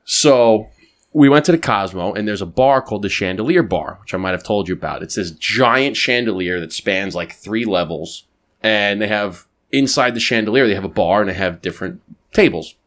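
A man's voice: lowish voice, lively intonation, moderate pace, fairly bright tone. A man hosting a podcast, telling a long anecdote in casual, profane chat and checking in with "right?" as he goes. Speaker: podcast host.

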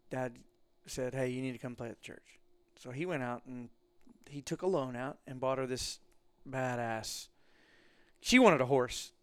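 Animated man telling stories. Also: clean tone, dry recording. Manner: animated, acts out quotes with big jumps in pitch. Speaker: guest. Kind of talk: casual storytelling.

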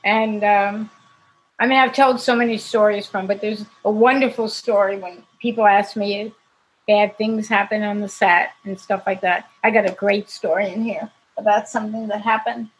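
A woman's voice: mid-range voice, steady tone, normal speed, a little hiss or hum, rough recording. A woman, an actress, casually telling anecdotes in an interview, chatty and laughing often. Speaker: actress guest.

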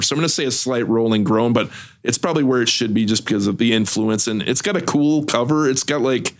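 A man with an ordinary mid-range voice talks through his opinion casually. He circles back and hesitates as he sorts his thoughts. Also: medium pitch. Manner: rambling, hesitant with fillers. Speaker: podcast co-host. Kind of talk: casual chat.

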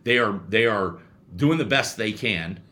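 A youth baseball coach with a fairly low voice chats casually and unhurriedly. He's an animated storyteller who restarts often and repeats words a lot.

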